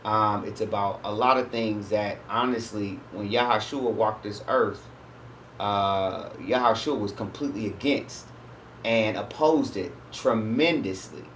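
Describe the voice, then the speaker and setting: A man's voice: lowish voice, unhurried, a bit bright, a little hiss or hum. A man hosting his own channel, giving a casual religious teaching monologue in a conversational way and often checking in with his listeners. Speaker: host.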